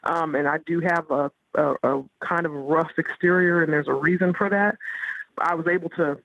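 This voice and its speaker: A woman's voice: low-pitched, normal speed, dry recording. A woman guest speaking frankly and matter-of-factly in a podcast interview. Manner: frank, steady, matter-of-fact. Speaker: interview guest, former boxer. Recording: dull dry lo-fi line.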